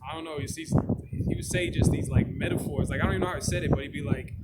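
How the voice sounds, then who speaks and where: Racing through his words in a slightly high, steady voice, a man hosts his channel with casual, rambling chat packed with swearing and fillers. The recording carries loud background noise and clicks.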